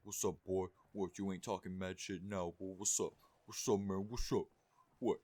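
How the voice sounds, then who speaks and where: A man's voice: deep voice, steady tone, moderate pace, dark tone, no room sound, pitched above the performer's own voice. A man voicing a cocky teenage boy who swaggers up and taunts over and over. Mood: taunting.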